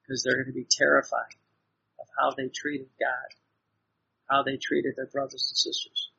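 A preacher delivers an earnest devotional sermon in a slightly high, creaky, bright voice that is forceful with a breathy edge. He exhorts his listeners with repeated phrases and frequent restarts, and the recording is dull and lo-fi.

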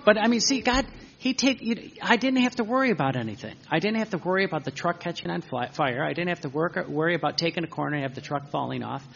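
A man's voice: on the high side, expressive, fast talker, creaky, fairly bright tone, a little hiss or hum. A man teaching a seated group in an informal spiritual talk, rambling through anecdotes with self-corrections and joking asides. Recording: dull lo-fi recording.

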